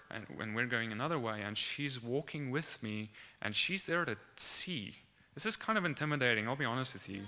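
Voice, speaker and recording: A young man tells a testimony in a lively, conversational sermon, acting out what people in his story say. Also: medium pitch, smooth. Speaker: preacher sharing a testimony.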